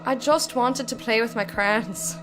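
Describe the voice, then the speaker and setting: A woman's voice: fairly high pitch, a little slow. A woman casually commenting on a game as she plays, in a playful, sweary way. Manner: playful, sweary, laughs often. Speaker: gameplay streamer. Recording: voice over game music.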